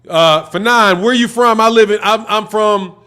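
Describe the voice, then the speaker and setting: Chatting with viewers while a boxing match plays out, this Chicago-accented streamer from Chicago keeps things loose and slangy, reading chat aloud. His voice sits high, sharp, clear, and resonant, at a normal speed.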